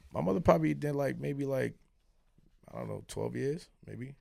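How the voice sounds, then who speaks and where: A man's voice: medium pitch, animated, measured pace, vocal fry, darkish tone, no echo. A man from Miami, a podcast guest, arguing his points emphatically with plenty of profanity. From Miami, Florida. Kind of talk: heated podcast debate.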